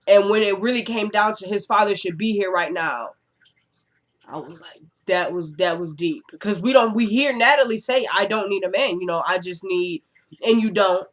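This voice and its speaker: Woman, casual episode recap, chatty, digressive, animated, opinionated. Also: mid-range voice, normal speed. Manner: chatty and digressive, often says "you know what I'm saying".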